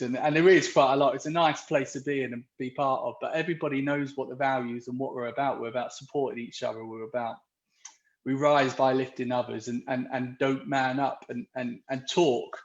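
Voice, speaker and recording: A man's voice: mid-range voice, highs cut off. Earnest man on a roomy video call. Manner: earnest, rambling with many restarts. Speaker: interviewee, dads' group organiser. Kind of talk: live online interview.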